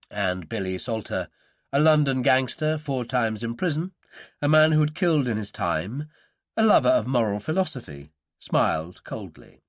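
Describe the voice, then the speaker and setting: Male thriller narrator, mid pitch, expressive, dry close recording. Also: normal speed, no room sound. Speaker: audiobook narrator. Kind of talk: scripted narration.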